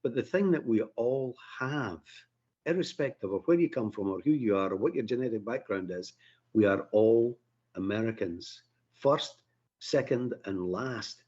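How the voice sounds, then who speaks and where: A man who learned the Queen's English talks as a firearms instructor on a live podcast, chatty and rambling with easy laughs. His voice is husky and the stream audio sounds dull. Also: medium pitch, animated, normal speed, darkish tone. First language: British English. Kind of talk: casual live podcast chat.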